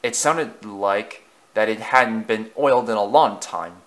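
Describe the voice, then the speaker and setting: A man's voice: lowish voice, a little slow, fairly bright tone. A man narrating a storybook as an amateur reader, with frequent slips and self-corrections.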